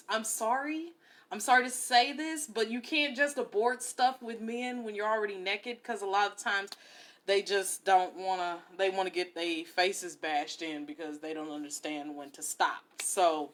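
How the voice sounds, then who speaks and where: A young woman hosting a podcast, telling a story in a candid, blunt, animated way. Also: fairly high pitch. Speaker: podcast host. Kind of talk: casual storytelling monologue.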